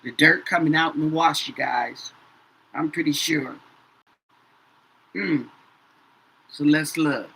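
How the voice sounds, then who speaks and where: A woman's voice: deep voice, takes it slowly, pauses often, fairly bright tone, a little hiss or hum, poor audio. Chatty woman reading tarot cards. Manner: says "okay?" after nearly every phrase, repeats herself. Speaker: tarot reader. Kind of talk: casual tarot reading to viewers.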